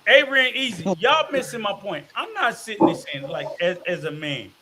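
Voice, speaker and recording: A man's voice: high voice, sing-song, a little fast, very noisy. A man co-hosting a podcast, ranting emphatically and profanely in a heated debate. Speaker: podcast co-host.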